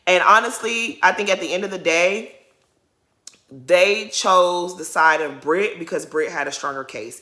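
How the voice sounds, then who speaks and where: A woman giving opinionated, animated commentary as she recaps a reality TV episode for her viewers. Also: lowish voice. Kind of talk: casual commentary vlog.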